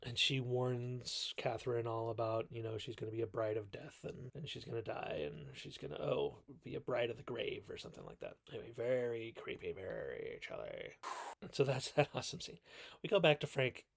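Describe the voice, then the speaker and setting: Gravelly rambling man recapping a movie. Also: mid-range voice, moderate pace. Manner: rambling, self-correcting, quotes characters in mock voices. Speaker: video host reviewing classic films.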